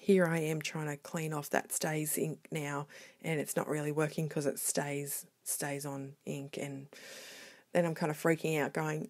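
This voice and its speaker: A woman narrating her scrapbooking video in a casual voiceover, chatty, excitable and quick to poke fun at herself. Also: low-pitched. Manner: chatty, excitable and self-deprecating. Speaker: scrapbooking vlogger. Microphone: voiceover recorded separately.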